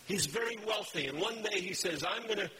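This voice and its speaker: A man's voice: high-pitched, lively intonation, fairly quick, pushed and bright, a little hiss or hum, low-quality recording. A man preaching a sermon, telling a story in a conversational way. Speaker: pastor.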